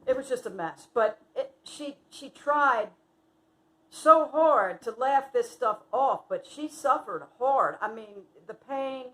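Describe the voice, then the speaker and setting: A woman's voice: on the high side, rough recording. A woman, telling a casual story about a late friend and acting out other people's lines. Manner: animated, acts out quotes loudly. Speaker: vlogger sharing memories of a friend.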